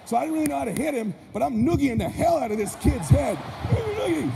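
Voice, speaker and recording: Gravelly, punchy male storyteller in a hall. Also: very high voice, fast. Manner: energetic, punchy, animated storytelling. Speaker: motivational speaker. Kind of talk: live storytelling speech. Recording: echoey hall with faint noise.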